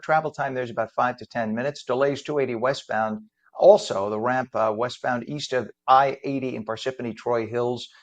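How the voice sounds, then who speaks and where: A middle-aged man hosting a morning TV news and talk show, chatty and a bit rambling, reading traffic and introducing guests. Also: mid-range voice. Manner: chatty, rambling, self-deprecating.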